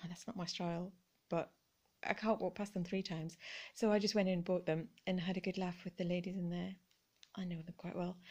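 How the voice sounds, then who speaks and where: A woman's voice: mid-range voice, warm tone. A middle-aged woman chatting casually as she shows off her thrift haul, gushing over each find and apologizing for her pronunciation. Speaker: vlogger.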